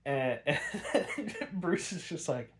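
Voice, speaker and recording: Animated and slow-paced, this man's slightly high voice carries a rambling podcast recap of an episode. As host, he leans on lots of fillers and swears casually.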